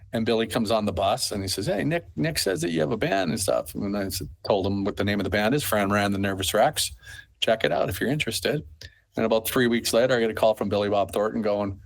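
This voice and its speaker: A middle-aged Canadian man talks low and easy, a festival owner giving an interview. He wanders through his anecdotes and fills the gaps with ums and you-knows. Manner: rambling storyteller, full of fillers. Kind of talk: conversational interview.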